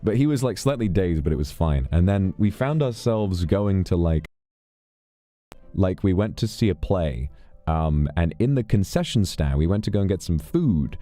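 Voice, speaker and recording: A man's voice: low voice, lively intonation, moderate pace, warm tone. A British man chatting casually on a stream, rambling and swearing freely as he tells stories.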